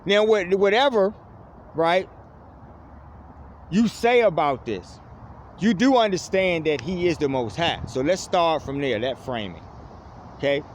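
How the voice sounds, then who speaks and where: A man delivering a fervent spiritual monologue to viewers, closing almost every phrase with a low, trailing "folks.". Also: expressive, a little slow, long pauses, slight background noise. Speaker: preacher addressing online viewers.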